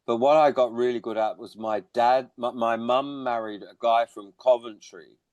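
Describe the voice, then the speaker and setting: A man's voice: mid-range voice, fairly even intonation, normal speed, a little mellow, dry recording. A man, born in England, chatting as a musician guest with rambling, self-deprecating humor. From born in England, raised in Australia. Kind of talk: casual interview chat.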